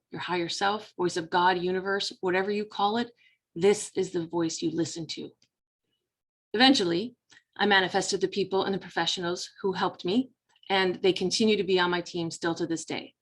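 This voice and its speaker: A middle-aged woman life coach telling her personal story in an earnest, motivational way, speaking straight to the listener. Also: fairly low pitch. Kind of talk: personal story told to camera.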